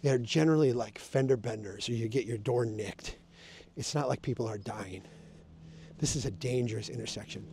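A man's voice: medium pitch, normal speed, warm tone, slight background noise. A man explaining his point of view in a casual vlog, talking conversationally with emphatic, sarcastic asides. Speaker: urban planning advocate.

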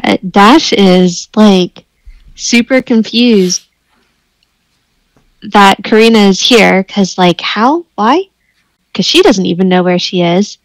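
A woman playing a tabletop role-playing game, describing and speaking as her character in a halting, easygoing way. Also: medium pitch, lively intonation, dry recording, low-quality recording. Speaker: player.

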